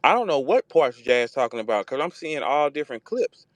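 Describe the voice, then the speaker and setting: A man hosting a casual live audio chat, talking in an animated, profane way and acting out quotes. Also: medium pitch, brisk, no room sound. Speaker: host.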